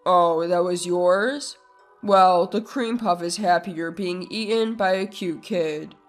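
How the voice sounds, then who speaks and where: A woman's voice: lowish voice, slow, soft background music, pitched below the performer's own voice. A woman voicing a selfish grown brother, dropping her voice to mock and dismiss his sister. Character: selfish younger brother, man, mocking.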